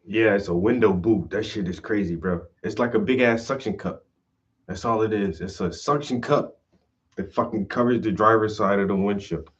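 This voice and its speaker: A painter who hosts his own channel tells a story in a casual vlog style that's slangy and profane. His voice is fairly low and his speed is normal. The audio is lo-fi and slightly muffled.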